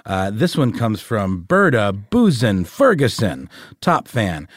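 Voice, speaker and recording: A man's voice: on the low side, huge pitch swings, slow, no room sound, clean studio sound. A man co-hosting a podcast, reading listener messages in a playful, jokey casual chat. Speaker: podcast co-host.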